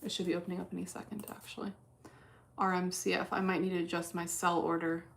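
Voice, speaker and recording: A woman hosting a casual livestream, reading chat aloud while day trading, blunt and deadpan with plenty of profanity. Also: on the low side, fast talker, gravelly.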